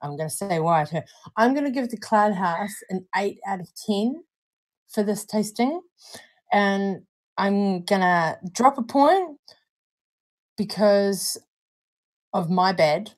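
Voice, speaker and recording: Kiwi woman chatting casually on a live stream, unhurried, loose and relaxed. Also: medium pitch, rough recording. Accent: New Zealand. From New Zealand. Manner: chatty and easygoing, swears casually. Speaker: co-host reviewing vape juice.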